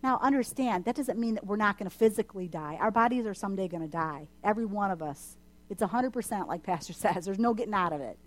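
A woman's voice: mid-range voice, expressive, fast talker. A woman preaching to a church congregation, impassioned and emphatic, repeating her points for force. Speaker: church speaker. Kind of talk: sermon. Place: church service.

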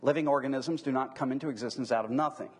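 A man teaching to a live audience in a conversational lecture, repeating key phrases and drawing them out slowly. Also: medium pitch, a little mellow, breathy edge. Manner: conversational, emphatic repetition, drawn-out key phrases. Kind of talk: classroom lecture on apologetics.

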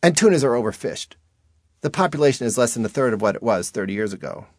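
A man's voice: medium pitch, expressive, fast talker, no room sound, studio quality, close to an everyday voice. A man voicing a stolid, earnest village woman who speaks in a plain, matter-of-fact lecturing way.

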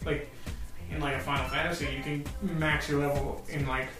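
A man's voice: on the high side, flat delivery, a little fast, roomy sound, music in the background. A man co-hosting a podcast in casual chat, laid-back, swearing freely and laughing often. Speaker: podcast co-host.

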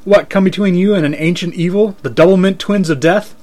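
A man reading a story aloud and voicing a blunt, teasing middle-aged neighbor who makes deadpan threats. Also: high-pitched, a little fast, pitched above the performer's own voice. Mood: amused.

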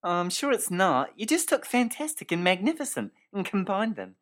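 A woman plays a fussy, giddy female co-commentator whose pitch leaps all over the place. She is prim and keen on rules, and quick to giggle. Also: sing-song, lightly acted. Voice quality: fussy, rule-minded, giggly.

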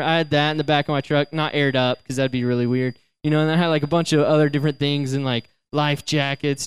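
A young man telling a funny personal story to a young audience, talking in a chatty, animated way, laughing often and filling in with "you know" and "like". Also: fairly high pitch, clean tone. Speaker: youth speaker.

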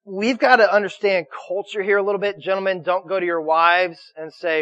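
High-voiced man preaching a casual sermon. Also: steady tone, a little fast, fairly bright tone, dry recording, dull audio. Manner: conversational, repetitive restarts, checking in with the audience. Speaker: pastor.

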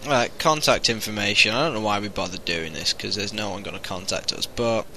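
A man with a bright, forceful voice hosts a casual podcast chat. He tells cheeky jokes, laughs often, and slips into quick put-on voices for the people in them. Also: on the low side, slight background noise, rough recording. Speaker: podcast host.

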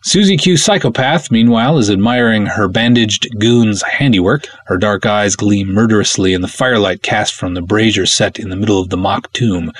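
A man, the show's host, reading a wry first-person pulp adventure story aloud with lively drama. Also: lowish voice, breathy edge.

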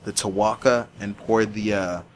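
A man in his twenties with a fairly low voice chats casually with an old friend. He tells stories with lively energy, restarts his sentences often, and swears in passing. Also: normal speed, a little hiss or hum. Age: 20s. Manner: animated storyteller, swears casually, many restarts. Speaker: podcast host.

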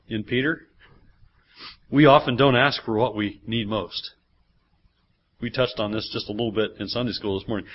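A man preaching a sermon in a church, at a medium pitch. His delivery swings between a soft, low teaching voice and loud, high exclaiming. The recording is dull and lo-fi. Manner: animated preaching, acting out voices of the people in the reading. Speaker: pastor.

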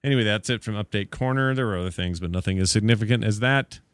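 Wry low-voiced podcast host man. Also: fast, smooth, no echo, studio quality. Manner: wry, dismissive asides. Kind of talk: casual tech podcast chat.

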